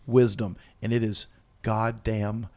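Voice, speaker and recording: A man's voice: fairly low pitch, level tone, takes it slowly, darkish tone. A man on a podcast telling stories in casual chat, swearing freely and acting out what people said. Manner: profane storyteller who acts out quotes. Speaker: podcast regular.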